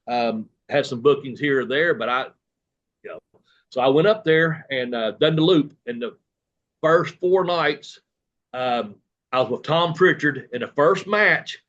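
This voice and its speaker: A man's voice: mid-range voice, measured pace, a bit bright, highs cut off. A man, a guest telling long, rambling stories full of quoted dialogue and fillers in a casual interview. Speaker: guest, retired professional wrestler.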